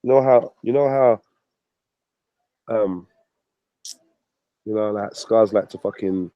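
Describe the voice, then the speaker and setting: A man's voice: on the low side, slow, no room sound, lo-fi sound. A man ranting on his channel, mocking and swearing at a rival. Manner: profane, mocking, combative. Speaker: vlogger. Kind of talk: ranting commentary.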